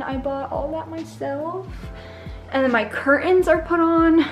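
A woman's voice: extremely high pitch, steady tone, a little slow, faint music behind. A young woman giving a casual room tour vlog, bubbly and gushing, slightly out of breath. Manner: bubbly, gushing, repeats "so cute". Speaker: vlogger.

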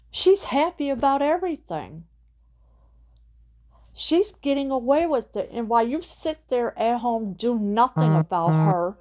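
A middle-aged woman rants straight at her audience. She speaks slowly and deliberately, her voice sitting a touch high. She hammers one indignant question after another. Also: darkish tone. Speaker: channel host. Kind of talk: political rant to camera.

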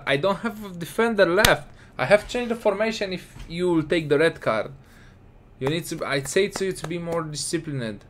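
A man with casually commentating his football game, excitable and scolding his players. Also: a little high, moderate pace, slight background noise. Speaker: gaming commentator.

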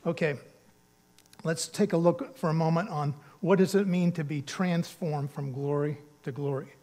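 A man's voice: on the high side, fairly even intonation, moderate pace, darkish tone. Earnest male pastor preaching. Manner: earnest, conversational preaching with emphatic bursts. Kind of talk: sermon. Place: church sanctuary.

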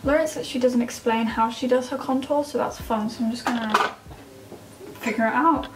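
A young woman chatting excitably and giggling through a casual makeup vlog at home. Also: a little high, moderate pace, noisy background. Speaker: makeup vlogger. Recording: roomy, distant mic with background music.

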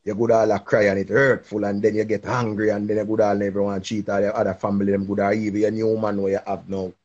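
A man hosting a live stream gives casual advice, encouraging a listener in a preachy, patois-heavy manner. His voice is lowish, a little mellow, flat in delivery and fast. The highs in the audio are cut off.

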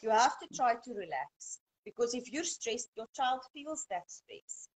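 A woman's voice: on the high side, lively intonation, unhurried, breathy edge, poor audio. A woman guest on a parenting chat, explaining earnestly, often restarting and correcting herself mid-sentence. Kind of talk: conversational explaining.

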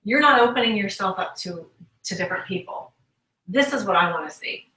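A woman giving an upbeat motivational talk, slipping into little acted-out dialogues as she tells her stories. Her voice is bright and sharp, and it comes from a little way off in an echoey room. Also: medium pitch, brisk, far from the mic. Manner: animated storytelling, acts out quoted conversations. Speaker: guest speaker and sales trainer.

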